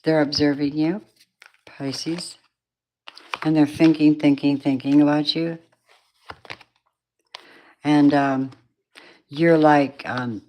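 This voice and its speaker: A woman's voice: sits low, steady tone, slow, pauses often, warm tone. A tired woman giving a live tarot reading in a rambling, affectionate way, calling her viewers babies and darlings. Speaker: tarot reader.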